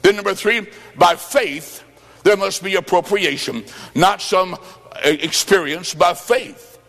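A man preaching a revival sermon, telling a story with acted-out quotes and rising to shouts. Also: high voice, slow, long reverb tail. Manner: fervent, shouting at peaks, acts out quotes.

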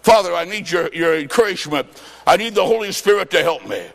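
A man preaching a revival sermon, telling a story with acted-out quotes and rising to shouts. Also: high-pitched, fast talker, vocal fry, long reverb tail. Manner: fervent, shouting at peaks, acts out quotes.

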